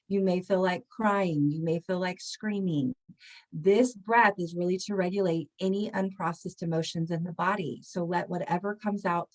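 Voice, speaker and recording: A woman leading a guided breathwork class, speaking soothingly and encouragingly, with audible sighs and breaths between her cues. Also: mid-range voice. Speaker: breathwork instructor.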